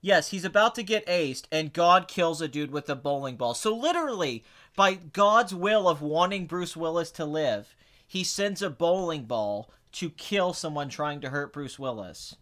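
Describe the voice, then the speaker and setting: Opinionated man with a higher voice. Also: unhurried. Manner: blunt, opinionated, sarcastic, swings between flat and excited. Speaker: podcast host answering chat questions. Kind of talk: casual movie talk.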